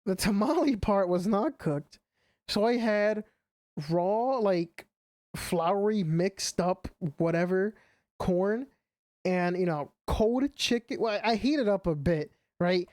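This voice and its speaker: A young man streaming a game talks slowly in a high, slightly mellow voice with lively intonation. He chats casually and rambles, dropping plenty of "like" and "you know," and the recording is dry.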